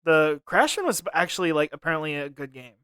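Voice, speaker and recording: Young male podcast co-host, bright crisp voice, dry close mic, giggly and scattered. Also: fairly high pitch, very animated, brisk, dry recording. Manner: laughs often, trails off searching for names. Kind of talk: casual chat.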